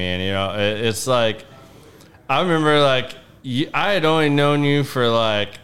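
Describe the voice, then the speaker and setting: A man's voice: lowish voice, a bit bright. A man telling a long story in casual podcast chat, rambling with lots of fillers and acting out what people said. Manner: rambling, many fillers, acts out quotes. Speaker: podcast guest.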